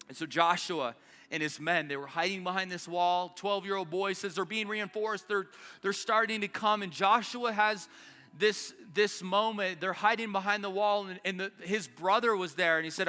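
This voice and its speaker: A man's voice: high voice, fairly even intonation, moderate pace, sharp tone, clean tone, big-room sound, soft background music. A man preaching an impassioned sermon as pastor at a church service, urging his congregation forward. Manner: impassioned preaching, urgent rallying calls. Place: church service in South Denver.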